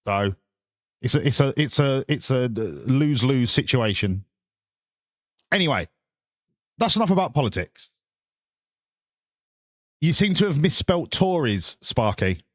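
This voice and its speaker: A man's voice: medium pitch, animated, unhurried, pauses often, no echo, studio quality. A man streaming a game, chatting casually, swearing and riffing sarcastically while reading chat. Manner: sweary, sarcastic, rambling, reads chat aloud.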